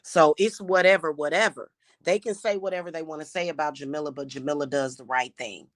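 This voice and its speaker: A woman who practices witchcraft and runs her own channel delivers an unscripted monologue, emphatic and indignant. Her low voice keeps a steady tone at a fairly quick pace, with frequent restarts and repeated words.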